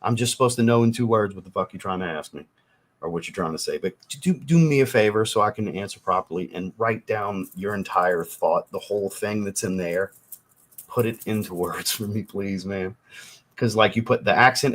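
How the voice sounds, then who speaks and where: A man hosts a casual fragrance livestream from home, talking loosely and swearing freely as he answers viewers. He is getting over a cold and coughs now and then. His voice sits a bit low. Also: moderate pace, slightly rough. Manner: loose and profane, swears often. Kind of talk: casual livestream chat reading comments.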